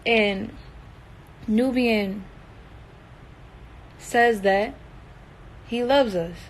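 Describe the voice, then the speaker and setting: A woman's voice: fairly high pitch, very slow, poor audio. A young woman in a distressed, emotional livestream monologue, earnest and emphatic, repeating herself and swearing.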